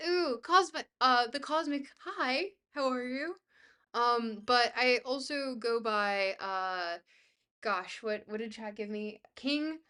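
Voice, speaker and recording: A woman's voice: on the high side, bright, forceful tone, clear, resonant tone. A woman streaming live, reading out chat messages and thanking viewers in a bubbly, rambling way. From Scotland. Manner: bubbly, thanks chat often, trailing filler words.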